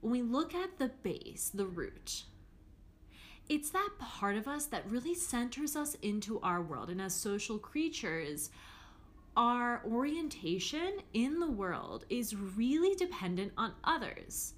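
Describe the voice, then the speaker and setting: A woman's voice: fairly high pitch, big pitch swings, unhurried. A young adult woman hosting a podcast as a life coach, talking casually and frankly with frequent fillers and the odd swear word.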